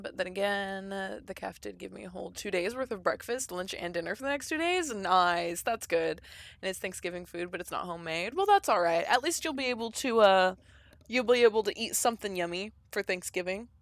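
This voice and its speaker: A woman's voice: medium pitch, fairly quick, dry recording. A young adult woman streaming a game, chatting casually with viewers, swearing freely and puzzling over their comments. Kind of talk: casual live-stream chat. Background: loud game music.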